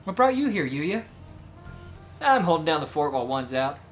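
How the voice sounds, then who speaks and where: Ein Mann spielt einen frechen Flirtvogel. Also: male voice, fairly high pitch, big pitch swings, moderate pace, faint music behind. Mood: teasing. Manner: playful, teasing.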